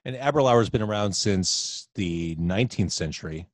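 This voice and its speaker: Lively, joking male podcast host. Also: lowish voice, moderate pace, dry recording. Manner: upbeat, joking, teasing. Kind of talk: casual live video-chat interview. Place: home, indoors. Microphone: video call.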